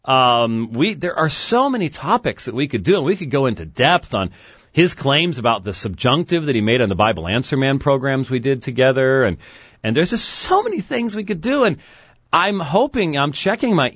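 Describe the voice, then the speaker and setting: A man with a mid-range voice hosts a call-in webcast from a studio, chatting casually and tossing in sarcastic asides. He sounds lively and sardonic, with quick jabs and chuckles. The studio sound is dull and dry, with no echo.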